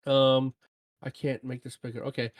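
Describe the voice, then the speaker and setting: A woman co-hosting a gaming podcast, reading out listener comments in casual chat and breaking into excited shouts. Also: a bass voice, moderate pace. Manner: animated, jumps to excited shouts. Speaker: podcast co-host.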